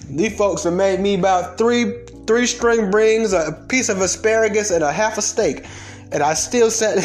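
A man telling stories and ranting in a blunt, profane, fast-talking way. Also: sits high, faint music behind. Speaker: storyteller. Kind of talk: comedic storytelling rant.

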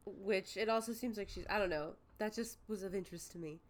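A woman's voice: medium pitch, a little fast. A woman co-hosting a podcast, chatting with enthusiasm about a TV episode and laughing often. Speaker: podcast co-host. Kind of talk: casual chat recapping a TV episode.

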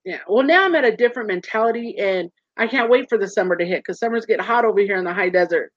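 A woman's voice: medium pitch, fast talker, dry recording. Earnest woman on a muffled call. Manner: earnest and animated, acting out quoted voices. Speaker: guest. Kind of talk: candid personal interview. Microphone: video call. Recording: dull muffled lo-fi sound.

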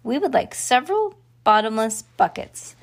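A woman's voice: on the high side, big pitch swings, normal speed, vocal fry, full character voice. A woman reading aloud and voicing an eager, kindly man who dotes on his pet pig. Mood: cheerful. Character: eager man, Mister Watson, fond pig owner.

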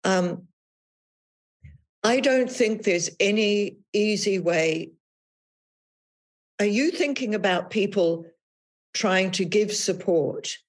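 A woman author as an interview guest, talking thoughtfully about her experiences in a measured, reflective way. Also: medium pitch, lively intonation. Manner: thoughtful, measured, with frequent restarts. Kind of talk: reflective podcast conversation.

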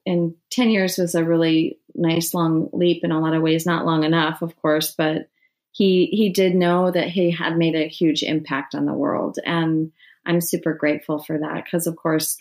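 A middle-aged woman, an author, telling her story in an interview with frequent restarts and soft laughs. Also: sits low. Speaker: author guest.

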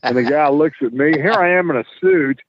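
A man, a guest telling an animated story and acting out the dialogue. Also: on the high side, fairly quick, husky, dry recording. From Tennessee, US. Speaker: guest, wrestler. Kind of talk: casual storytelling. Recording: tinny phone-like line.

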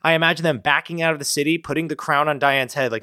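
Profane, animated man with a dry voice. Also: a little high, quick pace, clear, resonant tone, no room sound. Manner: animated, profane, acts out characters' lines. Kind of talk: casual brainstorming chat.

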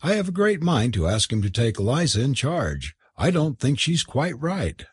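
A man reading a novel aloud and voicing a prim, impatient young woman, with a husky voice. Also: medium pitch, big pitch swings, moderate pace, dry recording, studio quality, voice pushed up. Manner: indignant, prim exclamations. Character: young well-bred woman, sharp and impatient. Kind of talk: audiobook character voice.

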